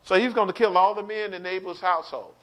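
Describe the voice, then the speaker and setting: A man preaching an online Bible study, animated, repeating words and calling out to his listeners. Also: high voice, fast. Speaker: pastor teaching a Bible study.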